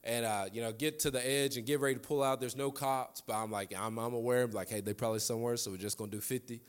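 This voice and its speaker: A man's voice: mid-range voice, steady tone, quick pace, clean tone. A man, preaching a sermon to a congregation and repeating key lines for emphasis. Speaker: pastor. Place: church sanctuary.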